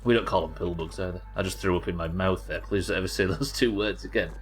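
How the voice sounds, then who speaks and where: English guy streaming games, lowish voice, dry jokey banter with chat, swears a lot. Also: quick pace, faint music behind. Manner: wry, sweary, chatting to viewers while playing. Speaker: game streamer. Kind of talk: casual live gameplay commentary.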